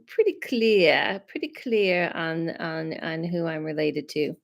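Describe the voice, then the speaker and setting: A woman's voice: deep voice, expressive, takes it slowly, gravelly, hardly any pauses. A woman hosting a live stream as a psychic medium, talking casually and reassuringly and drifting off on tangents. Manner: rambling and chatty, drifting off on tangents; reassuring and conversational, often checking in with listeners. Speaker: psychic medium livestream host. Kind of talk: casual live-stream chat giving readings.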